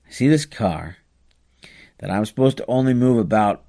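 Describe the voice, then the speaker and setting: A man hosting a podcast, telling a personal story in a casual, animated way, full of "you know" asides and restarts. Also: fairly low pitch, normal speed.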